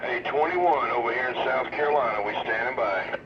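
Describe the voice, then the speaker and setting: A man's voice: medium pitch, a little fast. A man running a CB radio station, chatting casually in a drawling way full of radio lingo. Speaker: CB radio operator at the receiving station. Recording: distant lo-fi CB radio with loud static.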